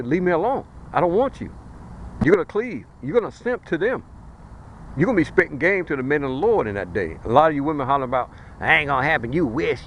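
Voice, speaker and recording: Outdoors, a street preacher delivers a fiery sermon, warning his listeners in a blunt, colloquial and emphatic way. His voice is an ordinary middle pitch for a man, and the low-quality recording carries a faint hiss of traffic beneath him.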